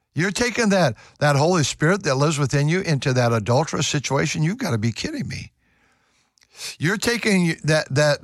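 A man's voice: a little high, no echo, studio quality. An older man preaching a fervent sermon, now and then breaking into sung hymn lines. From United States.

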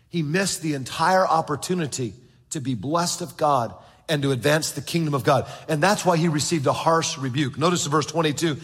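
A man's voice: on the high side, a bit bright, slightly rough. A male pastor preaching a sermon in a church, reading scripture aloud and acting out the voices of the people in his story. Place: church sanctuary. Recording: long reverb of a large church.

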